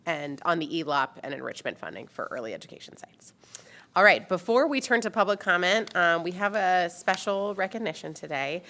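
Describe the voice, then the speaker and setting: A woman with a deep, low voice leads a formal public board meeting. She talks warmly but haltingly, full of small pauses and fillers. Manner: warm, halting, many fillers.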